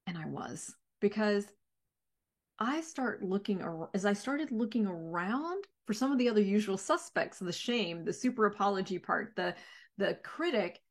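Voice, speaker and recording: A middle-aged woman therapist speaking candidly in a reflective talk, lively and acting out her own inner voices. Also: medium pitch, a little slow.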